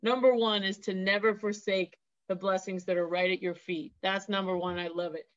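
A woman's voice: medium pitch, level tone, normal speed, lo-fi sound. A woman hosting a podcast interview who talks with enthusiasm and sums up her guest's points for listeners. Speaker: podcast host. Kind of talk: casual interview talk.

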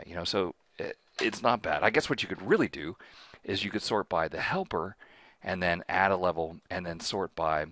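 A man's voice: sits low, bright, forceful tone, no room sound. A man hosting a spreadsheet tutorial, chatty, often checking in with "right?" and voicing mild exasperation. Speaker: host.

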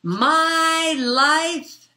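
A woman voicing a male fly trapped in a vacuum cleaner, talking in a slow, melodramatic, mournful way while reading a storybook aloud. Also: sits high, pushed and bright, pitched above the performer's own voice, full character voice. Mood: despairing.

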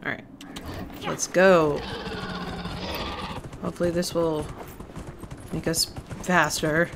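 Gravelly-voiced woman gaming. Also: low voice, little pitch movement, takes it slowly, background noise. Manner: chatty, bubbly asides, talking to the game characters. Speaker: let's play gamer. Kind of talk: casual gameplay commentary.

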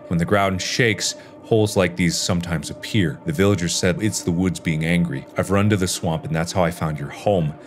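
A man voicing a huge mutated masked boy who pleads softly to be allowed to stay. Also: deep voice, voice pushed down, close to an everyday voice. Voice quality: distorted, resounding childlike voice.

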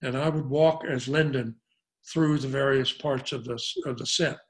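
An older man from Arkansas in an interview, telling a long story at an easy pace. He acts out the quoted voices as he goes, and his voice sits at an ordinary middle pitch. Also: fairly even intonation, normal speed. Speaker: guest actor.

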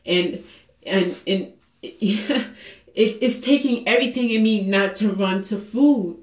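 A woman talking candidly and emotionally in a personal fitness vlog, earnest and confessional, with many fillers. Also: a little high. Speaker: fitness vlogger. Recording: echoey room.

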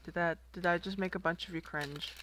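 A woman's voice: on the low side, fairly even intonation, brisk, noisy background. A young woman casually chatting as she opens trading card packs, giggling often and reading card names aloud. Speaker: card collector vlogger. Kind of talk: casual unboxing chat.

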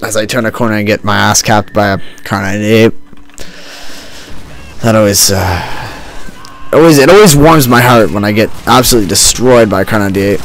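A man with a fairly low voice talks through his gameplay in a loose, joking, sarcastic way. He records at home on a desk mic wrapped in a makeshift pop filter. Faint game noise sits behind him. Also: moderate pace. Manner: joking, sarcastic running commentary. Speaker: gaming channel host. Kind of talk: let's-play commentary. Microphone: home desk mic with a homemade pantyhose pop filter.

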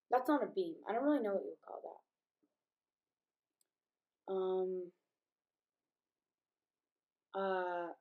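A woman talks through a building game as a casual YouTuber. She is chatty and loose, padding her sentences with um and like. She sounds a little sleepy, having just woken up. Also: fairly low pitch. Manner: chatty, many ums and likes. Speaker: gaming YouTuber.

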